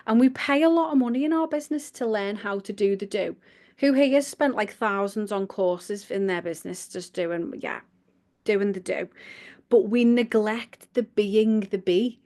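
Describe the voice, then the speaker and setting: A woman's voice: medium pitch, a little mellow. A woman, a coach giving a live online workshop in a chatty, giggly, self-deprecating way with casual swearing. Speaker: business coach.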